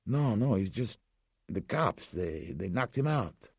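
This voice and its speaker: A man's voice: lowish voice, sing-song, slow pace, darkish tone, breathy edge, no room sound, clean studio sound, voice pushed up, full character voice. A man voicing a defensive, profane young street thug. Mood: agitated.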